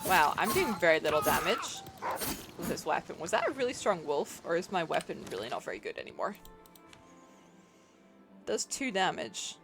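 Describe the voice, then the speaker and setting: A woman's voice: on the low side, very animated, normal speed, pauses often, over music. A woman streaming a video game, chatting casually, reacting to the game and greeting viewers in a playful, self-deprecating way. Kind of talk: casual gameplay commentary.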